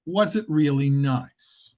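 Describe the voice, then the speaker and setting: A man's voice: a little high, slow pace, a little mellow, lo-fi sound. A man giving an informal, conversational sermon, often correcting himself mid-sentence and laughing at his own asides. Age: older. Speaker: preacher.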